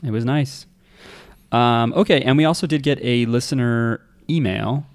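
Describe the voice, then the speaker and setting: A man's voice: medium pitch, normal speed. A man hosting a casual podcast chat, dry and self-deprecating, often laughing. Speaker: podcast host.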